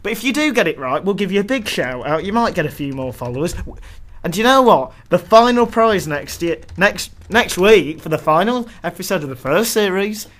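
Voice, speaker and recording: A man's voice: high voice, very animated, a little fast, fairly bright tone. A young man co-hosting a casual podcast, joking and laughing often at his own lines. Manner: jokey, self-mocking, laughs often. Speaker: podcast co-host.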